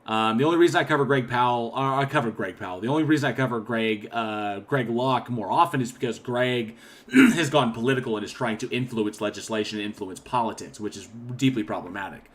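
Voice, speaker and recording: Man, livestream host, casual commentary, rambling, keeps clearing his throat, mid-pitched voice. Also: fairly quick. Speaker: channel host.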